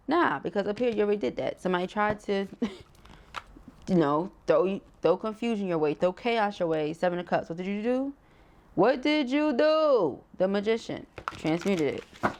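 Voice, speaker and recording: Woman tarot reader, slightly low voice, sore throat, preachy and slangy, lots of "you get what I'm saying". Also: vocal fry, darkish tone, slight background noise. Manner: emphatic, preachy, slangy with rhetorical asides. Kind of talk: casual spoken tarot reading.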